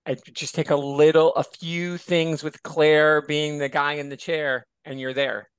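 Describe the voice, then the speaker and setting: A man's voice: fairly high pitch, level tone, clean tone, no echo. A man guesting on a film podcast, joking around and readily agreeing with the host. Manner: jokey, quick to agree. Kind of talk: casual film discussion podcast.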